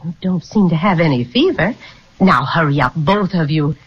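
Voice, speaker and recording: A woman's voice: low voice, expressive, moderate pace, breathy edge. An actress playing a caring mother in an old radio drama, fussing and concerned. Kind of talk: 1930s radio acting. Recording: dull lo-fi old radio recording.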